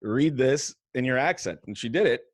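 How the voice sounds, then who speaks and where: A mortgage lender chatting casually in an interview on a video call from his home podcast studio, quick and loose with lots of fillers and restarts. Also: mid-range voice, animated, dry recording.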